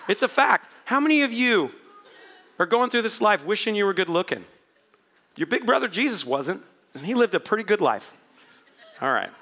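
A man's voice: sits high, pushed and bright. A man preaching a sermon to a congregation, joking and playful, with asides to the crowd. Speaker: pastor.

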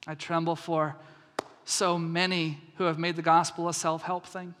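A man preaching a sermon as pastor, animated, moving from soft earnest passages to loud storytelling. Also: fairly high pitch, moderate pace, slight background noise. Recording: reverberant hall.

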